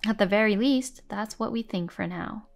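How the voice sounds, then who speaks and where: A woman narrating a first-person drama story in an even, measured way over faint music. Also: medium pitch, gravelly.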